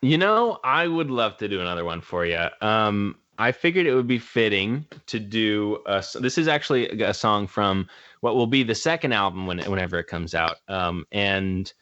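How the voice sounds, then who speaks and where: A man talks casually as a guest musician in a low voice. He rambles, piling up fillers as he goes. The sound is dry and a bit dull, like lo-fi audio. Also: lively intonation, moderate pace, a bit bright, dry recording. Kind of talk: casual interview chat.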